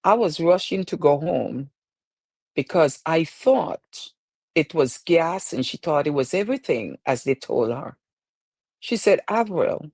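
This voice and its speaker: Impassioned woman host with lively pitch. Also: normal speed, no echo. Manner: emotional, preacherly, repeating phrases. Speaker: show host. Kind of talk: impassioned live-stream talk.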